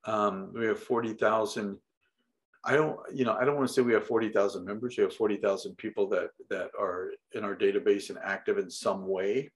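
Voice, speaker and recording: A middle-aged man talking casually as an interview guest, rambling with lots of fillers and restarts and the odd swear word. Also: on the low side. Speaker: podcast guest.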